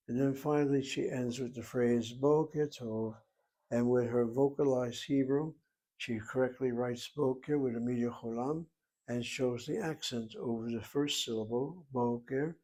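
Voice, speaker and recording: A man's voice: medium pitch, warm tone, poor audio. A man teaching a Hebrew lesson, explaining words step by step and spelling some out letter by letter.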